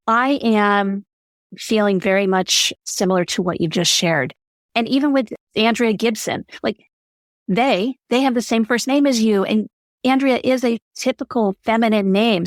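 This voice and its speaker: A woman's voice: medium pitch, no room sound. Earnest woman giving emphatic advice. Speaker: podcast guest, allyship speaker. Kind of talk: conversational interview answer.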